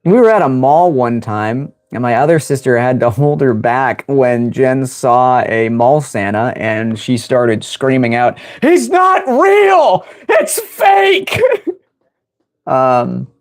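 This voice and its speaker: A young American man chatting on his livestream, telling stories in a loose, rambling way. He laughs often and stumbles through fillers and restarts. His voice sits at an ordinary middle pitch. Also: takes it slowly, a little mellow. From United States. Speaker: livestream host. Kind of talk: casual storytelling on a livestream.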